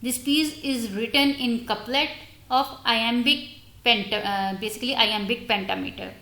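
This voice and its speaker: A woman giving a recorded university lecture on English literature, halting and restarting her explanations as she speaks directly to her students. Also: a little high, bright, forceful tone. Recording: roomy echoey recording.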